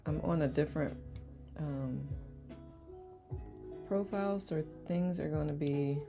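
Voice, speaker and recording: A woman hosting a live online study session, greeting viewers by name in a relaxed, chatty way with a calming voice. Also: deep voice, measured pace, vocal fry, over music. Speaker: live-stream host of a letting-go study group. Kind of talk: casual livestream greeting chat.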